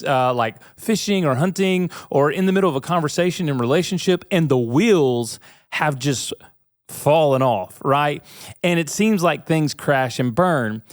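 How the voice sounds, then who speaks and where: A man's voice: fairly high pitch, lively intonation, a little slow, no echo, clean studio sound. A man in his thirties hosting a faith and leadership podcast, talking to listeners in an earnest, conversational way and asking them questions. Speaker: podcast host. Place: studio suite with bookshelves.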